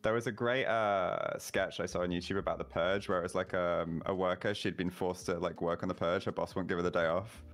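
A man's voice: low voice, fairly even intonation, fairly quick, hardly any pauses, a bit bright. A man chatting casually on a voice call while playing a game with friends, telling rambling stories with lots of fillers. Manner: rambling anecdotes with many fillers. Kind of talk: casual chat.

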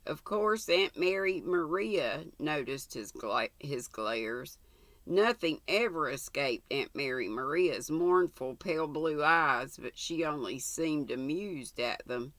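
An older woman reading a novel aloud, slow and deliberate, with chatty asides. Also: deep voice, lively intonation, a bit bright, dry recording. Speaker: audiobook reader.

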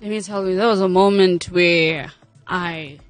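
A woman's voice: on the low side, steady tone, a little slow, no room sound, faint music behind. A South African woman speaking candidly as a guest on a radio interview, laughing often. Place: radio studio.

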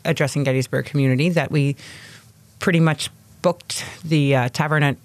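A woman's voice: low voice, fairly even intonation, moderate pace, no room sound. A woman guest on a casual chat, filling in event details in a matter-of-fact way. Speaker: guest, event committee chair.

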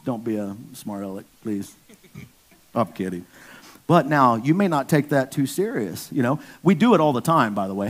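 A man's voice: mid-range voice, very animated, normal speed. A man preaching a casual sermon, slangy and joking, talking straight to the congregation. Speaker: pastor.

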